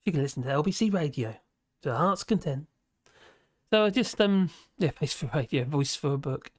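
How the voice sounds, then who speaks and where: A chatty host talks through viewer comments on a livestream, wandering off track and restarting sentences. The voice sits at a middle pitch. It is recorded close and dry, with no room sound. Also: expressive, fairly quick, dry recording. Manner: rambling, chatty, full of restarts and fillers; laughs often between remarks. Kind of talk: casual livestream chat, reading viewer comments.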